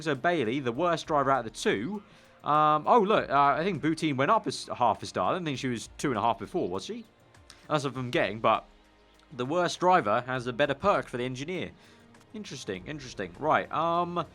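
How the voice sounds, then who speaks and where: A young man with a Northern English accent talks through a game at an ordinary mid pitch. His chatty commentary sounds like thinking out loud and breaks into excitable bursts. He is recorded on a desk mic. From Northern England. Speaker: gaming YouTuber.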